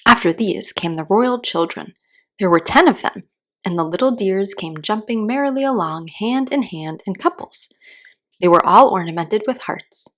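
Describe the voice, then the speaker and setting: A woman calmly reading a children's story aloud in a slow, gentle, soothing way. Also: medium pitch. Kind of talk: calm read-aloud storytelling.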